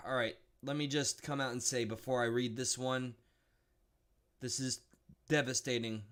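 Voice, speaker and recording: A man's voice: medium pitch, steady tone, measured pace, fairly bright tone, clean tone. A man hosting a live stream, reacting bluntly and indignantly to news clips, thinking aloud with restarts. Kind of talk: casual live commentary.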